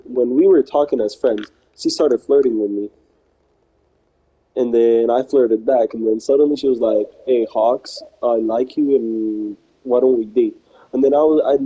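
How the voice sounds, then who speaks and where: A man's voice: medium pitch, dark tone, slightly rough, lo-fi sound. A man streaming live who tells a long personal story in a rambling, slangy way, quoting what others said and repeating himself.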